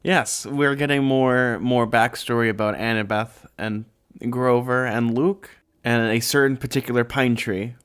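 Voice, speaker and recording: Man, mid-pitch, smooth clear voice; easygoing co-host recapping a book with small jokes. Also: steady tone, unhurried, fairly bright tone. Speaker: podcast co-host. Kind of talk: casual book-discussion chat.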